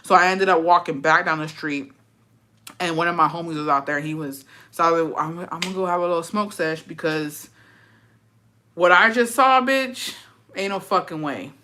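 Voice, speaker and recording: A woman's voice: fairly low pitch, moderate pace, sharp tone. A woman telling a personal story on a livestream in casual, profane chat, answering comments bluntly. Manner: profane, blunt, frequent "bitch" tags. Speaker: livestream host reading chat.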